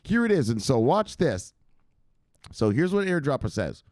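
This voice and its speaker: Animated man hosting a crypto livestream. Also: mid-range voice, normal speed, dry recording, studio quality. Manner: animated, profane, jokey shout-outs. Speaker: host of a crypto news livestream. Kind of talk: casual livestream chat.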